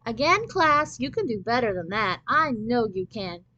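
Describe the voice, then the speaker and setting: A woman's voice: on the high side, very animated, pushed and bright, muffled recording. A woman doing a sing-song young substitute teacher. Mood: coaxing. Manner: slow, sing-song, overly careful teacher talk. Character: young cheerful female substitute teacher, gentle.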